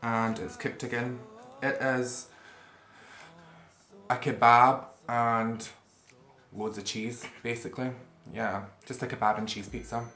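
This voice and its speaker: A man's voice: mid-range voice, little pitch movement, slow, pauses often, bright, forceful tone, echoey room. A man vlogging casually to camera while he eats, rambling and swearing freely as he talks. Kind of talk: casual eating-show chat to camera. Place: room at home. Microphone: camera facing him.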